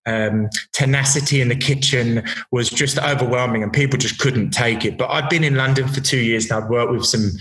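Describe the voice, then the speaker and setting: A man's voice: mid-range voice, steady tone, a little fast, hardly any pauses, fairly bright tone. A man in his thirties, a chef, telling kitchen stories in casual podcast chat, blunt and swearing freely with many restarts. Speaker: chef guest. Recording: roomy echo.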